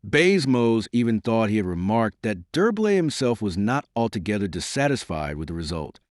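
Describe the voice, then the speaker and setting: A low-voiced man serves as an audiobook narrator, reading a classic novel in a measured, dramatic style as scripted narration. His intonation has lively range, and the recording sounds dry and close, free of room echo.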